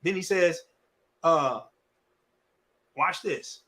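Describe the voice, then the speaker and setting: A male pastor preaching in a lively, folksy way, swinging between loud and hushed delivery with much repetition. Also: on the high side, moderate pace. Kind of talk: sermon.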